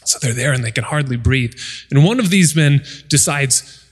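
Storytelling preacher in a reverberant hall. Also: male voice, mid-range voice, animated, moderate pace, husky. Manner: storytelling, acts out voices of the people in the story. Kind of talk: sermon. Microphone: microphone.

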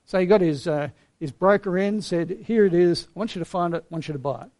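Earnest storytelling fills the sermon of a middle-aged pastor at the pulpit. His voice runs a little high for a man and carries some gravel, and he pauses gently so key words can settle.

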